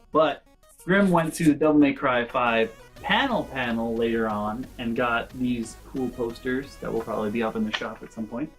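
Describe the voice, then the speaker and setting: A man casually telling a convention story on his vlog, animated and rambling, with lots of asides. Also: mid-range voice. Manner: animated, acts out quoted voices, rambling asides. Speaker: convention vlogger.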